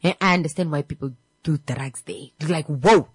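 A woman telling a personal story in a casual, animated way, acting out the voices of the people in it and often repeating and restarting her words. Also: low-pitched, normal speed, slightly rough, dry recording. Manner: animated, acts out every character's voice.

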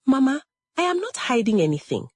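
A woman's voice: high-pitched, sing-song, a little fast, a little mellow, slightly rough, no room sound, clean studio sound, voice pushed up, exaggerated voice. A woman voicing a meek, mistreated young girl who speaks timidly and apologetically. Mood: pleading.

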